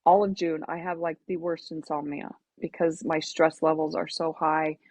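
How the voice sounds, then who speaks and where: A woman guest on a podcast, talking in an earnest, reflective, halting way in casual interview chat. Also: deep voice, level tone, darkish tone, no room sound. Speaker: podcast guest, melanoma advocate. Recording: dull lo-fi podcast audio.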